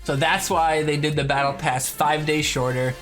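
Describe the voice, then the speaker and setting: A man whose voice is going hoarse, hosting a mobile game update stream in a loose, profane, joking way. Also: a little high, steady tone, normal speed, a bit bright, soft background music. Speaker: mobile game YouTuber and host. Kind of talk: casual streaming commentary, reading viewer comments.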